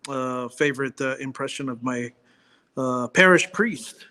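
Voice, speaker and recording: A man's voice: mid-range voice, unhurried, bright, forceful tone. A man in his fifties, a guest comedian, chatting casually and easygoing, laughing often and saying "you know, man.". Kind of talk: casual chat.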